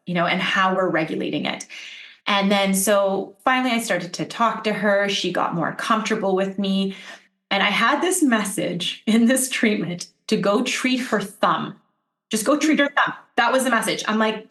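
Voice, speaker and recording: A woman appears as a podcast guest, an intuitive healer who tells stories in casual conversation with animated delivery, acting out what people said. Her voice is medium-pitched at a moderate pace, recorded in an echoey room.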